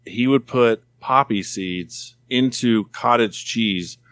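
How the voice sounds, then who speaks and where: A man guesting on a podcast, speaking bluntly with frequent swearing as he rambles through stories. His voice is mid-pitched and recorded close and dry, with no room sound. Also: slow, fairly bright tone, dry recording. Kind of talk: casual chat. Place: California.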